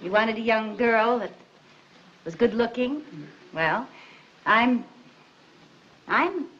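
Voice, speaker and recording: A woman's voice: a little high, expressive, slow, fairly bright tone. A woman playing a sweet-talking, scheming young housewife in a 1950s sitcom. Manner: wheedling, sweet, comic. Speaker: wife. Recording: lo-fi 1950s TV audio.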